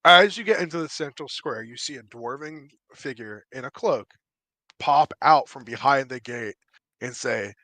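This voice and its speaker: A man's voice: medium pitch, normal speed, bright, forceful tone, dry recording. A man narrating as game master of a tabletop game, loose and profane. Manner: loose, profane, self-mocking.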